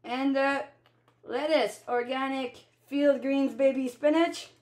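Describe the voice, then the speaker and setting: Woman, high voice, playful chatty vlogger, cooking talk with loud exclamations. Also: fairly even intonation, takes it slowly. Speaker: vlogger and entertainer. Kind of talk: casual talk to camera while making a sandwich.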